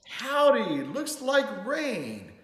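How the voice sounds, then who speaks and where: A man voicing a loud, excitable young country boy who whoops his words, in a storybook reading. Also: very high voice, extremely slow, voice pushed up, full character voice. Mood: hollering excited. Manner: whooping, hollering exclamations. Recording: roomy hall reverb.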